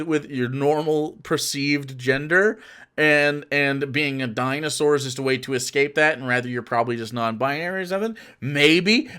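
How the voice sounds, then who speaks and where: A man's voice: on the high side, bright, forceful tone. A man giving casual, sarcastic and profane reaction commentary on a political video.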